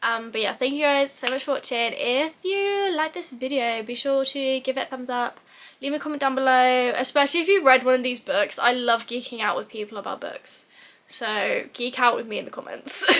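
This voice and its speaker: A woman's voice: high-pitched, moderate pace, fairly bright tone. A young woman chatting casually about books as a vlogger, full of fillers and giggles. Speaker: book vlogger. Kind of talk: casual book review chat.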